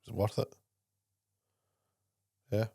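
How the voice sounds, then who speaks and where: A man's voice: takes it slowly, very noisy. A man hosting a podcast in casual chat, boastful and swearing, laughing easily. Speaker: podcast host.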